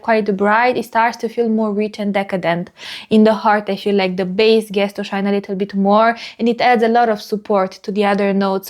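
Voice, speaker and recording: A woman giving a casual vlog review of a fragrance, chatty and descriptive, with many fillers. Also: medium pitch.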